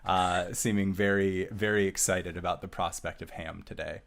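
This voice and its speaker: A man narrating as game master of a tabletop game, slow with many filler sounds. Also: deep voice, fairly even intonation, vocal fry, a bit bright.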